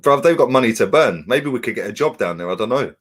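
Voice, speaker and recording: A man's voice: mid-range voice, lively intonation, quick pace. A young man, chatting casually on a live stream, reading out viewer comments and laughing often. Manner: laid-back, laughs often, slang-heavy.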